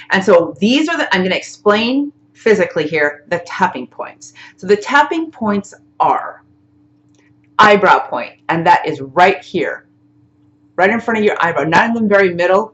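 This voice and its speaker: A woman's voice: lowish voice, lo-fi sound. A woman giving a casual tapping lesson, talking step by step and checking in with "okay?" after each point. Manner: chatty, repeats "okay?" to check in. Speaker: tapping coach. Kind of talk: casual instructional talk to camera.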